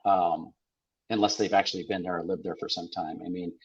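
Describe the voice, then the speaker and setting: A man's voice: deep voice, steady tone, a little fast, husky. An older man from South Dakota, a podcast guest, telling wry anecdotes in casual conversation and quoting people's lines back and forth. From South Dakota, USA. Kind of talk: casual storytelling. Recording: dull lo-fi audio.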